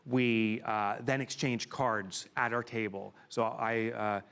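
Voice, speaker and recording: A middle-aged man giving a keynote to a live audience in a room, telling a personal story with emotion and sudden loud exclamations. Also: fairly low pitch, fairly even intonation, slow, clear, resonant tone. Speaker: keynote speaker.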